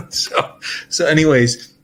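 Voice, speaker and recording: A man's voice: fairly high pitch, slight background noise. A man talking casually to his audience in a loose, rambling monologue, restarting sentences and laughing often.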